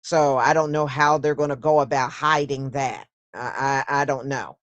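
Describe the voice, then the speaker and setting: A woman hosting a casual solo livestream, talking in an unhurried, conversational way and answering viewers with "mm-hmm" and "yeah". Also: rumbling low, fairly even intonation, dry recording. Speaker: host.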